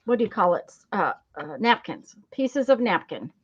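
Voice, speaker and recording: A woman's voice: mid-range voice, sing-song, moderate pace, a little hiss or hum. A woman hosting a casual crafting live stream, telling stories in a rambling way with lots of fillers and restarts. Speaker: craft channel host. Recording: dull lo-fi sound.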